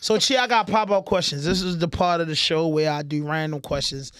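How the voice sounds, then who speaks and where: A man's voice: on the high side, fairly quick, clean tone. A man with a Baltimore accent hosting a podcast, telling stories in a casual, emphatic way. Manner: animated, storytelling, emphatic. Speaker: podcast host. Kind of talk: casual chat.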